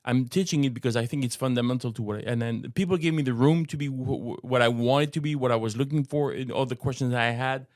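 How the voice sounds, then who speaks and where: A man's voice: medium pitch, a little mellow, no echo, clean studio sound. Earnest French-accented man in his sixties. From France. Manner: earnest, halting restarts. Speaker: co-host and apologetics teacher. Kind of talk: casual podcast conversation.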